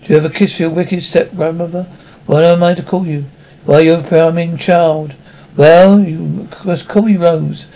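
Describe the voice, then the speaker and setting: A woman's voice: on the low side, steady tone, normal speed, mellow, highs cut off, close to an everyday voice. An actress playing a charming, teasing step-grandmother who welcomes her guests effusively, in a television drama.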